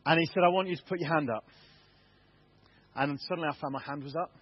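A man's voice: on the high side, fast, husky, no echo, muffled recording. An English man, a church elder, giving a candid, self-deprecating testimony sermon in a church. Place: church hall.

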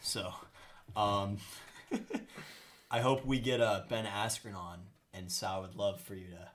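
A man's voice: lowish voice, steady tone, slow, fairly bright tone. A man hosting a podcast in casual chat, chatty and rambling, laughing often. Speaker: podcast host.

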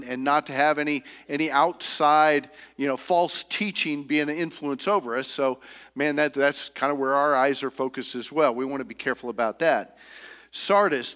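Halting pastor in a reverberant church. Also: male voice, fairly high pitch, a bit bright. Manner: halting, repeats words, earnest. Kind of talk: sermon. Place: church sanctuary. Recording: long reverb of a church hall.

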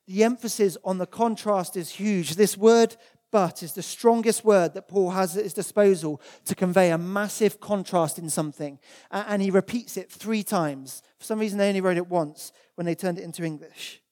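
A church sermon is delivered at a moderate pace by a preacher with a medium pitch and a mellow, darker timbre. Earnest and emphatic, he repeats key words to make each point land and reads verses from the Bible aloud.

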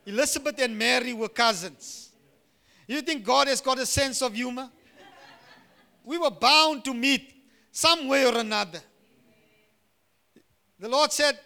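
A middle-aged male pastor preaching a sermon, swinging from hushed asides to loud emphatic lines and asking the congregation "Amen?". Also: extremely high pitch, measured pace, gravelly, long pauses.

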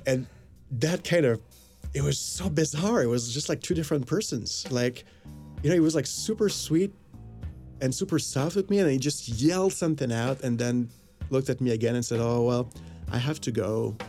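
A man from the Los Angeles area tells a casual anecdote about his own life, rambling loosely with fillers and acted-out dialogue. His gravelly, mellow voice sits at an ordinary pitch and moves at normal speed over faint music.

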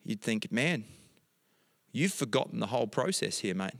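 A middle-aged pastor preaching, his voice carrying through a large hall with a long reverb. He shifts from storytelling into emphatic prayer at a mid pitch. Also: lively intonation, moderate pace, vocal fry. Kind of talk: sermon.

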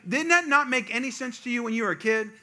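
Man, high voice, fast, jokey stage storyteller talking to the crowd. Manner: animated, jokey asides to the audience; quick, chatty, self-interrupting. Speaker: speaker addressing a live audience. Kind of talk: humorous storytelling talk.

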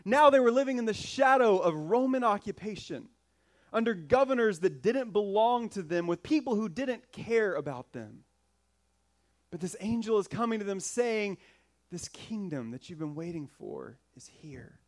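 A man in his thirties preaching a sermon as pastor, conversational and playful, with dramatic hushed moments. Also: high voice, animated, normal speed.

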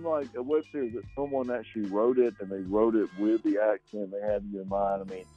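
Mellow-voiced man, hesitant, on a dull lo-fi line. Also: fairly low pitch. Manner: hesitant, many ums and restarts. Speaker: actor, interview guest. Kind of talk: casual interview talk. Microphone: radio show microphone. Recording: dull, lo-fi sound.

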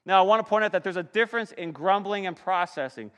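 Bright-voiced man preaching a sermon. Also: sits high, fast talker, long reverb tail. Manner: dynamic preaching, swinging from soft to loud. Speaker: pastor.

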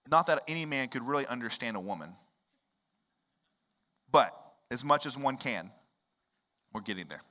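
A man, preaching a sermon in a conversational way that swings up into loud, emphatic rises. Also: fairly high pitch. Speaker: pastor.

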